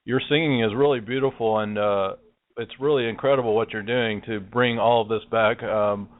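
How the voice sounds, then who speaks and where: A man's voice: on the low side, steady tone, moderate pace. Middle-aged man on a dry phone line. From Tennessee. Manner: friendly, rambling, with fillers. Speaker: co-host. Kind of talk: casual phone interview.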